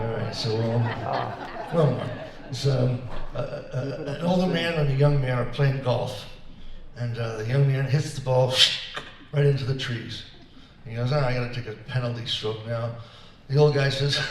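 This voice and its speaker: A performer at a senior center concert, speaking in a mid-range voice at a moderate pace, jokes his way through the breaks between songs, relaxed and playing his characters' voices. A crowd murmurs behind him, and he's captured from afar in an echoey room.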